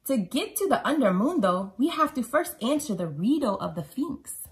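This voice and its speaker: A woman's voice: sits high, very animated, normal speed, voice pushed up. A woman voicing the biggest of a small pack of chihuahuas, bossing his friend around in a picture book. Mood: bossy. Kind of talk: picture-book read-aloud.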